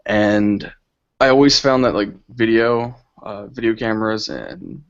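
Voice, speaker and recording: A young adult man, a filmmaker and interview guest, describing his experiences in a relaxed, reflective way. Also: fairly low pitch, a little slow, gravelly, muffled recording. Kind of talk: casual interview answers.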